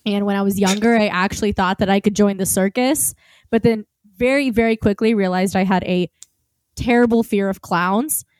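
A woman with a light Southern American accent co-hosts a faith podcast, joking at her own expense. Her voice is smooth and clear. The recording is dry and close. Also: mid-range voice, steady tone, moderate pace, a little mellow, no echo. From Oklahoma, USA. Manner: joking, self-deprecating. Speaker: podcast co-host. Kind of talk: casual faith podcast chat.

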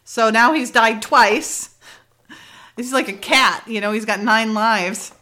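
Bright-voiced chatty woman recapping. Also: fairly high pitch, slow pace. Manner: laughs often, retells scenes with many fillers. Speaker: podcast co-host recapping a TV episode. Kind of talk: casual chat.

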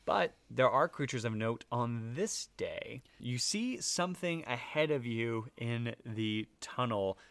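A man's voice: mid-range voice, lively intonation, takes it slowly, creaky, hardly any pauses, fairly bright tone, clean tone, no echo. A man narrating as game master of a tabletop game in a casual, laughing way, with lots of fillers.

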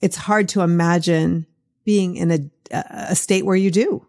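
A woman's voice: on the low side, steady tone, a little slow, a little mellow. Chatty middle-aged Boston woman host. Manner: chatty, encouraging, laughs easily. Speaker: podcast host. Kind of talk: casual interview chat.

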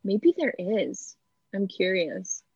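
Speaking slowly with big pitch swings, a Canadian podcast guest tells stories over a video call, giggly and relaxed in casual conversation. Her medium-pitched voice is husky and a little mellow, heard through dull, lo-fi, dry call audio with no echo.

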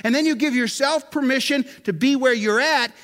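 A man with a very high voice preaches in a loose, conversational sermon. He keeps turning to the listeners with questions and often stumbles over and repeats words. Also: normal speed, a bit bright. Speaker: pastor.

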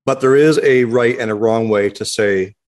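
A man's voice: mid-range voice, normal speed. A man, co-hosting a car podcast in a playful, teasing, mock-stern way. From Canada. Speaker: podcast co-host. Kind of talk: casual chat. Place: podcast studio.

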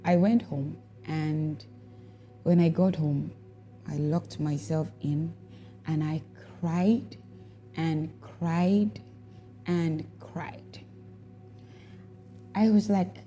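Woman telling her testimony real slow, soft dark voice, a bit of music in the back. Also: low voice, steady tone. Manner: reflective, emotional storytelling with repetitions. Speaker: worship leader sharing a testimony. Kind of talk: personal testimony.

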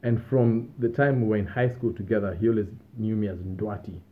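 A young man hosting a podcast, telling stories from his student days in a relaxed, rambling way with small laughs and restarts. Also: on the low side, fairly quick. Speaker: podcast host. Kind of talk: casual storytelling monologue. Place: Australia. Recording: tinny phone-like sound.

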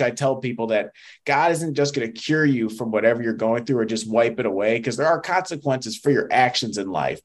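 A young man telling his recovery and faith story as an interview guest, earnest and emotional, with frequent fillers. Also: mid-range voice. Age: young adult. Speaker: podcast guest. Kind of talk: testimony in casual interview.

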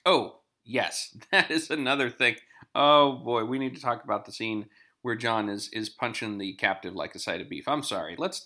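Bright-voiced man recapping casually. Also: mid-range voice. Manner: chatty, digressive, wry asides. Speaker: TV episode recapper.

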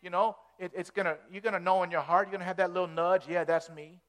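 A male pastor delivers a folksy, animated sermon, often repeating words as he builds momentum. His voice sits somewhat high for a man and rises in force at each climax. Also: fast.

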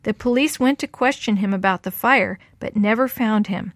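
Woman reader playing a kindly, wistful old lady; gentle and slow, dry close sound. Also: mid-range voice, no room sound, lightly acted. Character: lonely elderly woman, kind and wistful. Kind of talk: audiobook character reading.

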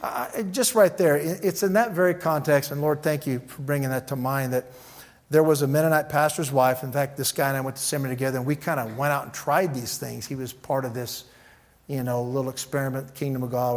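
A man preaching in a casual, animated storytelling way, acting out quoted dialogue. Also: medium pitch. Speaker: pastor. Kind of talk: sermon storytelling.

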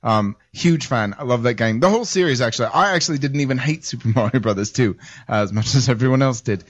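A man's voice: medium pitch, fast. A man co-hosting a casual podcast, rambling and playful, correcting himself as he goes. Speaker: podcast co-host.

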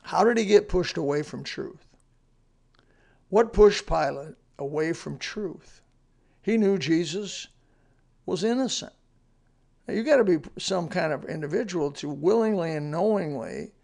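A man's voice: a little high, measured pace, gravelly, pauses often, darkish tone. A man giving a short devotional sermon in a plainspoken, earnest way, with folksy asides. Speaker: radio devotional speaker.

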